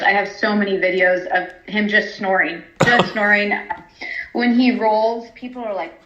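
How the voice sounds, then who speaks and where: A woman's voice: mid-range voice, fairly even intonation, measured pace, a bit bright, a little hiss or hum. A chatty woman, talking as a horse trainer in a casual interview. She laughs often and fills her speech with ums and restarts. The recording sounds roomy and slightly muffled. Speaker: horse trainer and stallion owner.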